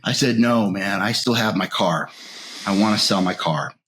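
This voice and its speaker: Low-voiced man telling a raw story. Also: moderate pace, a bit bright, a little hiss or hum. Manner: raw, emotional storytelling, voice rising when reliving anger. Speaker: interview guest. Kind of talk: candid recovery story.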